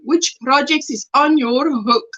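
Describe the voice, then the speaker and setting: South African woman, livestream host, high voice, bright tone, chatty, laughs often. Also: a little slow, muffled recording. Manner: reads chat messages aloud warmly, laughing often. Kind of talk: casual livestream chat.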